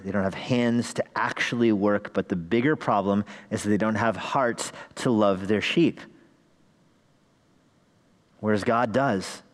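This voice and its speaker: Preacher with a long hall reverb. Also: male voice, lowish voice. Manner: rhetorical questions, rising emphasis. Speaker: pastor. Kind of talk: sermon. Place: church sanctuary.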